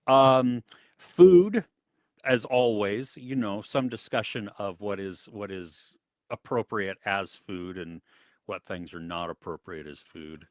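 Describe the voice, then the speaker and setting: A man's voice: fairly low pitch, slow pace, dry recording, clean studio sound. A man co-hosting a live movie chat stream, greeting viewers by name and laughing often. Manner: animated, laughs often, reads chat names.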